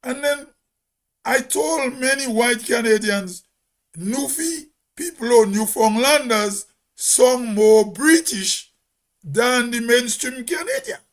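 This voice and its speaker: A Grenadian man with a very high voice holds forth in a casual monologue. He talks slowly and emphatically, repeating key words to drive each point home. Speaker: host.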